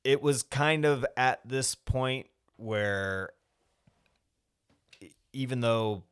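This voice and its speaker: A male podcast co-host casually walks through a film scene by scene, rambling and swearing often as he recaps the movie. His mid-range voice is a bit bright, clear, and resonant, and he draws out his words.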